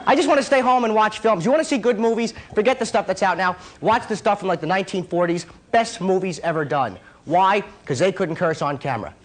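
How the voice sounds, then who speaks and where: Hyper high-voiced young comedian. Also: male voice. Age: 20s. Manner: hyper, rapid-fire joking. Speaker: stand-up comedian. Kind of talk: stand-up comedy set.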